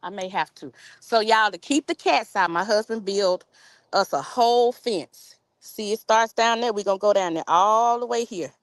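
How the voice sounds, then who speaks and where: A woman streams live about gardening from her backyard using a phone on a tripod, casually chatting, reading comments aloud, and speaking an informal dialect with "y'all." Her voice is medium-pitched at normal speed, with no room sound.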